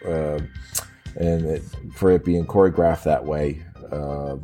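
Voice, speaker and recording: Blunt deep-voiced man, swearing freely. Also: steady tone, slow pace, mellow. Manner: blunt, swears, mocking and laughing. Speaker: podcast co-host. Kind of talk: casual film review chat. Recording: faint synth music behind.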